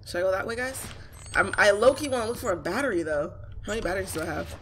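A woman's voice: mid-range voice, rapid-fire, fairly bright tone, slight background noise. Jumpy, swearing woman gamer. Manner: jumpy, swearing, shrieking when scared. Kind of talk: let's play commentary.

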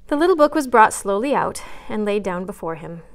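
Woman, librarian, story time read-aloud, expressive, gentle, mid-pitched. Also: a little fast, creaky. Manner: gentle expressive reading with brief asides. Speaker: children's librarian reading aloud.

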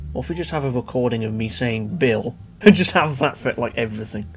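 Goofy, laughing man with lively pitch. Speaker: co-host. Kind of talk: casual gameplay chat.

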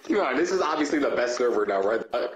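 A man's voice: mid-range voice, lively intonation, fast. A young man chatting casually while gaming, playful and teasing, laughing often. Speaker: gamer. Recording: echoey room with noise.

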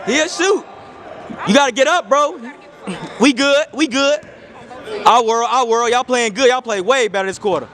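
A young man cheering a basketball team from the sideline, joking and shouting loud encouragement in an indoor gym. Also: very high-pitched, normal speed. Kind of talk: casual sideline banter. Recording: noisy crowded gym. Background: crowd noise and bouncing balls.

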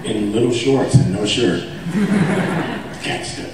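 A man with a lowish voice speaks slowly from a convention stage panel, where he's an actor recounting funny stories in a casual, lively way. He laughs and performs what people said in a raised voice, while heavy background noise and echo fill the big hall and the mic sounds far away.

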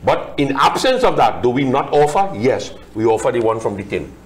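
A man's voice: medium pitch, very animated, a little fast. A man, a Hindu pandit explaining scripture in a religious discussion, chanting Sanskrit verses and translating them line by line.

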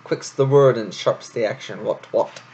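A man's voice: medium pitch, normal speed, a little mellow, slight background noise, lightly acted. A man voicing a pompous, blustering male hare who leads a circus troupe, in a dull lo-fi home recording.

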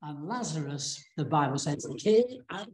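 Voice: mid-range voice, lively intonation, unhurried, crowd noise. Chatty preacher in an echoey church. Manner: colloquial storytelling with frequent fillers and restarts. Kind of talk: sermon retelling a Bible story.

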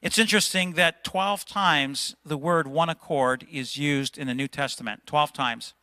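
A man's voice: on the high side, measured pace, sharp tone. A man preaching a stern, exhorting sermon as pastor of a church, at times raising his voice in rebuke. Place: church sanctuary. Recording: long hall reverb.

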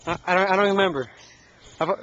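A man's voice: high voice, fast, a bit bright. Playful young man filming a backyard camcorder video. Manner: teasing, playful, says "dude" a lot. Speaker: person filming a home video. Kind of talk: casual home-video chatter. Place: backyard with a trampoline, outdoors. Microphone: handheld camcorder mic. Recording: muffled camcorder audio with background noise.

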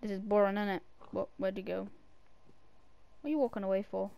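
A man's voice: sits high, a little fast, gravelly, clean tone, dull audio. Chatty male gamer calling to a cat. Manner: chatty, bursts into excited shouts at an in-game cat. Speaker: gaming video creator. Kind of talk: casual gameplay commentary.

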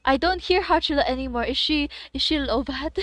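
A young woman, livestreaming a game in casual chat, excitable and cursing with sudden loud outbursts. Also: high-pitched, brisk, dry recording. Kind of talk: casual gaming stream chat.

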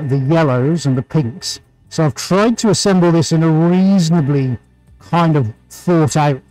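A man's voice: fairly high pitch, a little mellow, rough recording. A man hosting a live painting stream, chatting casually, greeting viewers by name and laughing often. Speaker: livestream painting host.

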